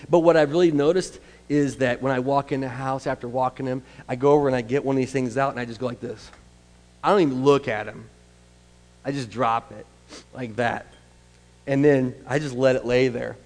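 A man preaching a sermon, telling stories in a conversational way with asides to the congregation. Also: mid-range voice. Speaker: pastor. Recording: long reverb of a large hall.

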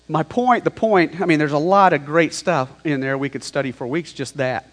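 A man's voice: a little high, normal speed, hardly any pauses, a bit bright. A man preaching a sermon in a conversational, emphatic way, mixing scripture with slangy paraphrase. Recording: long hall reverb.

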